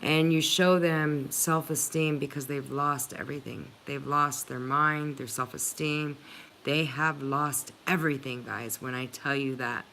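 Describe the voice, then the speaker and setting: A woman's voice: sits low, fairly even intonation, a little slow, creaky, sharp tone, slight background noise. A woman hosting a livestream, chatting earnestly and emotionally with viewers, with many filler "likes". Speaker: channel host reading live chat.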